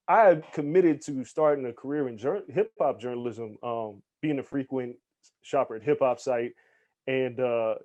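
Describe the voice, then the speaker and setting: A man guesting on a podcast interview, telling stories in an animated, casual way, acting out the people he quotes and swearing freely. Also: mid-range voice. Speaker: guest, hip hop journalist.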